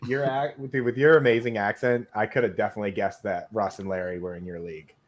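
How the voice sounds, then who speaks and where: A man's voice: on the low side, fairly even intonation, quick pace. A man with a Boston accent hosting a casual podcast chat, talkative and laid back, saying dude often. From Boston, USA. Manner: chatty, says dude a lot. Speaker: podcast host.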